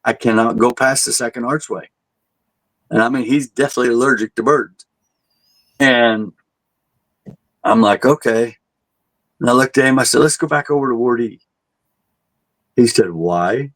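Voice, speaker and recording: A man's voice: medium pitch, normal speed, pauses often, fairly bright tone, dry recording, poor audio. A man working as a tour guide, telling a story casually and animatedly, acting out what people said and chuckling at his own jokes. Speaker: haunted asylum tour guide.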